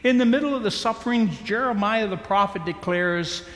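A man preaching a sermon, slow and emphatic with dramatic pauses. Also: high-pitched, fairly bright tone. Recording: echoey hall with long reverb.

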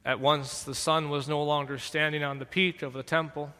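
A man giving dramatic scripted narration in a slow, deliberate, solemn manner. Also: fairly high pitch, flat delivery, pushed and bright, big-room sound.

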